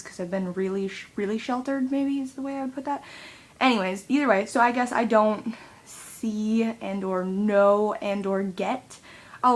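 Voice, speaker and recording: A young woman rambles through a casual venting vlog. She swears freely and leans on fillers, with a mid-range voice. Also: medium pitch. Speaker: vlogger.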